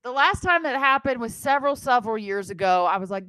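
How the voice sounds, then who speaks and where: A woman in her thirties co-hosting a podcast in casual chat, animated and joking, quick to tease. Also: mid-range voice, dry recording. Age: 30s. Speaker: podcast co-host.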